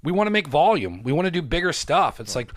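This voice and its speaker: A man with a fairly high voice tells a story in a casual podcast chat. He gets worked up, swears freely, and slips into quick impressions of the people he talks about. The sound is dry and close, with no room around it. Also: no room sound. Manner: excited storytelling, heavy swearing, acts out quotes. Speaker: podcast guest, bagel baker.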